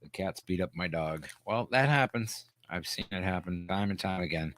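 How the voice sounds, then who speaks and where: A man's voice: deep voice, moderate pace, fairly bright tone, slight background noise. A man co-hosting a casual podcast, joking in a dry, wry way and swearing offhandedly. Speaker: podcast co-host. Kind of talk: casual chat.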